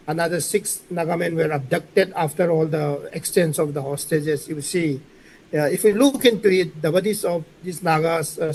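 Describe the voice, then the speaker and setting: A man's voice: on the high side, a little mellow, poor audio. A man giving methodical, hesitant commentary as a panelist on a news debate. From Manipur. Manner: hesitant, filler-heavy, methodical.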